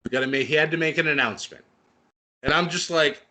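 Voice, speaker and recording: A middle-aged man co-hosting a podcast, telling a story in an excitable, emotional way. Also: fairly high pitch, fast. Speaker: podcast co-host. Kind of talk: casual chat.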